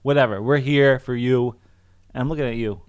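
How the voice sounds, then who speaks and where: A man's voice: mid-range voice, brisk, smooth. A man co-hosting a call-in talk show, teasing his partner and laughing often as he tells stories. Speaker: radio show co-host. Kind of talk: casual banter.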